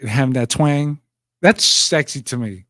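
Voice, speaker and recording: A man's voice: mid-range voice, expressive, unhurried, sharp tone, dry recording. A man who works as a DJ, co-hosting a casual stream in a laid-back, playful way. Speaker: DJ and co-host. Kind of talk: casual chat.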